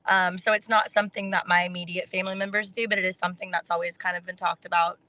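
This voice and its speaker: A young adult woman from North Texas, chatting casually as a guest on a podcast and telling her story in a relaxed way. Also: fairly low pitch, quick pace. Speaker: contestant guest.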